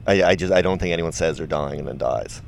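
Deep-voiced man in joking banter. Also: quick pace, vocal fry. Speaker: podcast co-host. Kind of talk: casual chat.

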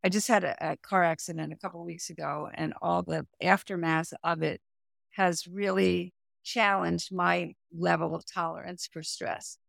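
A middle-aged woman, a performance coach and therapist, explaining her method in a podcast interview, with lively, hands-on explanations. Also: lowish voice, normal speed, creaky, no room sound, studio quality. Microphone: remote audio, no camera.

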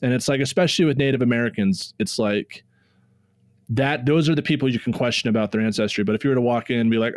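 An animated young man co-hosts a podcast, speaking in quick, lively bursts sprinkled with "like". His voice is mid-pitched. The recording is dry and close. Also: no echo. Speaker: podcast co-host. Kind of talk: casual chat.

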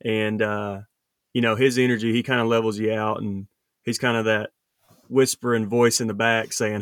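A man's voice: on the low side, level tone, normal speed, no room sound, clean studio sound. A man in casual chat, speaking earnestly about a friend. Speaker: podcast panelist.

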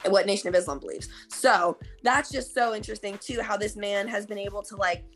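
A woman's voice: medium pitch, fairly even intonation, brisk, soft background music. A young woman co-hosting a podcast, explaining earnestly in casual chat with many fillers and casual swearing. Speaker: podcast co-host.

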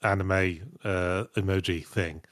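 A man's voice: low voice, fairly even intonation, slow pace, a bit bright, no room sound. A man hosting a casual podcast, reading out viewer messages with dry, sardonic asides. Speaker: podcast host reading superchats. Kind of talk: casual chat.

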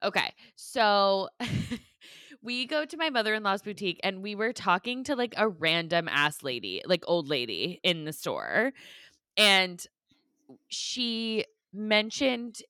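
A woman's voice: medium pitch, slow, no echo, clean studio sound. A young woman co-hosting a podcast, telling stories in casual chat, full of "like" and casual swearing. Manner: animated storyteller, lots of "like", swears casually. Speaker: podcast co-host.

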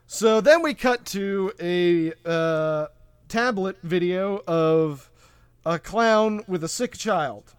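A man's voice: sits high, takes it slowly, clear, resonant tone, dry recording. A man hosting a podcast, recapping a film in a rambling, casual way with lots of fillers and asides. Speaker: podcast host. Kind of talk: casual movie recap chat.

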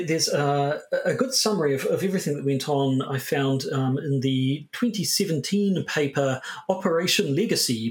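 A man hosting a podcast, explaining a history topic in a casual, hesitant way with frequent restarts. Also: a little high. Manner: hesitant, many restarts and fillers. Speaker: podcast host.

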